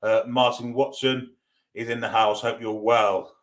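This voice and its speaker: A man's voice: mid-range voice, fairly even intonation, measured pace. A man with a Geordie accent hosting a live football fan watchalong, chatting casually as he reads out viewer comments and banters back. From North East England. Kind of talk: live stream chat reading.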